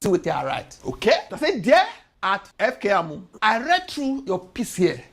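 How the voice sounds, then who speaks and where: A woman's voice: mid-range voice, wildly swooping pitch, moderate pace, husky. A woman with a Nigerian accent giving argumentative political commentary, firing off rhetorical questions and slipping into Pidgin.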